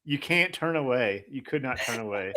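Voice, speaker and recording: A man's voice: mid-range voice, lively intonation, moderate pace, pushed and bright. Loose, rambling male podcast co-host. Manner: loose, peppered with "like", swears casually. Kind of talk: casual chat.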